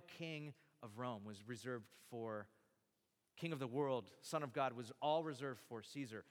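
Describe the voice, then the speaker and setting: A man's voice: mid-range voice, a bit bright. A man preaching a sermon, dramatically acting out the lines he quotes. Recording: long hall reverb.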